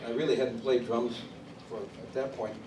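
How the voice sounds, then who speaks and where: A man from Chicago, a drummer, tells his story at a clinic in an animated way and acts out the voices of the people he quotes. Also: mid-range voice, normal speed. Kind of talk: storytelling interview. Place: drum clinic in a studio room. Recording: distant mic in an echoey room with background noise.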